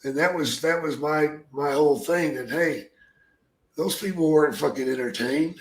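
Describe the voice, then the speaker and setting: An older man tells stories on a podcast in a blunt, profane way. His voice sits a bit high for a man, and it carries a roomy echo. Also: normal speed. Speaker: podcast host, former wrestler. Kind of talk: casual storytelling.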